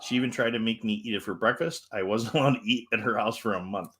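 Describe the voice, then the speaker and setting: A man's voice: on the low side, fast talker, a bit bright, slight background noise. Easygoing man co-hosting a chat show. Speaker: co-host. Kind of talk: casual chat, reading viewer messages.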